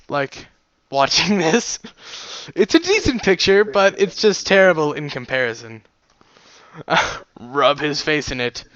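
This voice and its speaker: A man's voice: on the high side, a bit bright, dry recording, muffled recording. A man reading fan fiction aloud in a goofy, self-mocking way, joking between chapters. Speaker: amateur audiobook reader.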